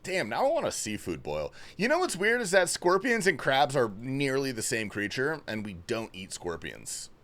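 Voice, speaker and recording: Lively joking livestream host man. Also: medium pitch, normal speed, few pauses. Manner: loose, joking, swears a lot; reads and thanks chat messages. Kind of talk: casual livestream chat.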